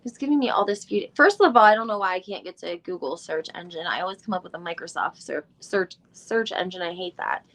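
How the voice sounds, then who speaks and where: A woman's voice: on the low side, lively intonation, a little fast, few pauses, fairly bright tone. A woman hosting a live recap, chatting casually and thinking aloud as she looks things up, with mild swearing and lots of fillers. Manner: chatty, rambling, thinks aloud while searching online. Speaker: podcast host doing a live recap. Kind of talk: casual live-stream chat.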